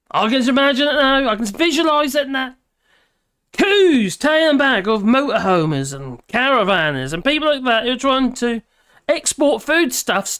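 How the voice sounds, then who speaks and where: A woman's voice: on the high side, fairly bright tone, dry recording, clean studio sound. A tired woman, rambling and grumbling in casual chat while reading out comments on her live stream.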